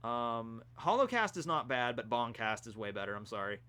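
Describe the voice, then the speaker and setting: Young adult male streamer, bright and forceful tone, loose chatty reading of viewer questions. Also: mid-range voice, animated, normal speed, clean tone. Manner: rambling, laid-back, answers questions read from chat. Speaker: streamer answering chat questions. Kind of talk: casual live-stream chat.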